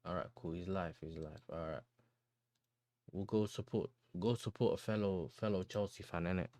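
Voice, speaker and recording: A man's voice: low-pitched, fairly even intonation, normal speed, mellow, no echo. A man hosting a football livestream, chatting casually in slang and talking straight to his viewers. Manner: slangy, laid-back, addresses chat directly.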